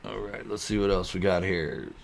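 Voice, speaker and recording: A man's voice: deep voice, normal speed, vocal fry, slight background noise. A man hosting a live stream, chatting casually and reading out viewer comments in a goofy, easygoing, rambling way.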